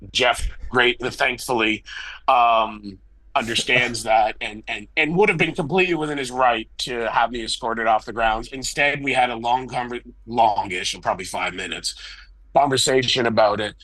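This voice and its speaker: Animated middle-aged man telling stories. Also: medium pitch, moderate pace, no room sound, rough recording. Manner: animated, self-deprecating, acts out quotes. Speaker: wrestling promoter guest. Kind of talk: candid storytelling interview.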